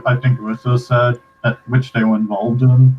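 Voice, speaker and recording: A man chatting hesitantly on a group call, pausing and restarting. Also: medium pitch, level tone, muffled recording, slight background noise. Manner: hesitant, halting. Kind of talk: casual group chat on a voice call.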